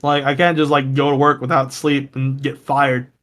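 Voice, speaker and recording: A young man on a podcast, telling profane, animated stories and jumping high when he quotes people. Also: moderate pace. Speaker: podcast co-host. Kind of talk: casual storytelling chat.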